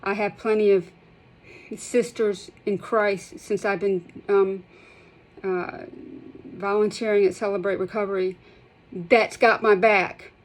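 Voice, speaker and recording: A woman's voice: medium pitch, fairly even intonation, slow pace, rough recording. A middle-aged woman, speaking in an emotional vlog, impassioned and upset, shaky and close to tears, repeating herself and restarting sentences. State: shaky, holding back tears. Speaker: healthcare provider sharing her withdrawal experience.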